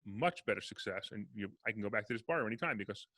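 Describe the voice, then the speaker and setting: A man talks in a casual podcast interview, rattling through stories at a quick clip. His voice has a bright, forceful edge. The sound is dry and close. He acts out both sides of each conversation. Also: lowish voice, no room sound. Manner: fast, animated storyteller acting out dialogue. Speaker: real estate investor guest.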